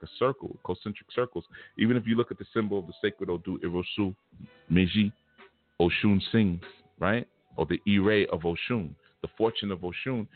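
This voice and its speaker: A man's voice: low-pitched, dry recording. A man giving a spiritual lecture in a casual, emphatic, vernacular preaching manner. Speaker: spiritual teacher. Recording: tinny phone-like line with faint music.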